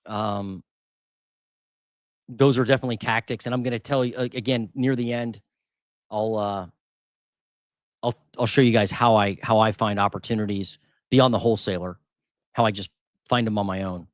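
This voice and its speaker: A man's voice: fairly low pitch, steady tone, normal speed, pauses often, no echo, clean studio sound. A man hosting a housing market channel, talking casually as he reads through market figures, thinking aloud and repeating numbers. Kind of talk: casual live commentary on market data.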